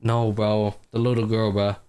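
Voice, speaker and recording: A man's voice: fairly low pitch, little pitch movement, moderate pace, mellow, smooth. A young man co-hosting a podcast, casually recapping an anime and acting out the characters' lines with plenty of slang and swearing. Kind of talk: casual chat.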